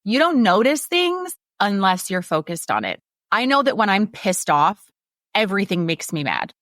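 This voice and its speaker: A woman in her forties gives a casual motivational talk on her podcast, blunt and candid, dropping swear words and laughing often. Her voice sits at a middle pitch and is recorded close and dry, with almost no room sound. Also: sing-song, moderate pace, fairly bright tone, no room sound. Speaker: podcast host.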